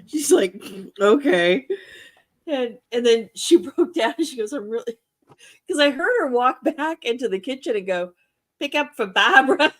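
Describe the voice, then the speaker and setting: Guest woman, chatty storyteller who laughs through it, voice a bit high and swooping. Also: expressive, unhurried. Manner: laughs through her telling. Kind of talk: casual storytelling.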